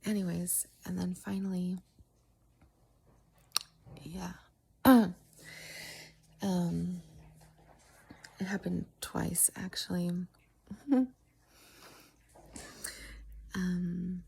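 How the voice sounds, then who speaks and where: A woman telling a long story casually, often dropping into a soft whisper and pausing with halting fillers. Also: fairly low pitch, little pitch movement, vocal fry, slightly rough.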